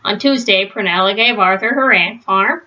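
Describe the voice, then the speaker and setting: Bright-voiced woman reading a children's story. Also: mid-range voice, moderate pace, dull audio. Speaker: storybook reader. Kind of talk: children's read-aloud narration.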